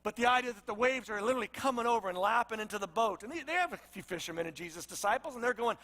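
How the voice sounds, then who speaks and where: A pastor preaching in a relaxed, chatty storytelling style, his voice high and bright. It carries with a long reverb through a large church hall. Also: quick pace. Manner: conversational, storytelling, animated asides. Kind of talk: sermon.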